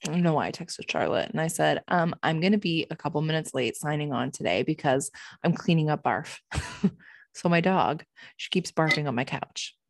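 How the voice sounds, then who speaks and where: A young Canadian woman co-hosting a casual podcast from home, telling animated stories and swearing freely. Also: low voice, moderate pace, gravelly. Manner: swears freely, animated storytelling with quoted voices. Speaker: podcast co-host. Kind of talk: casual chat.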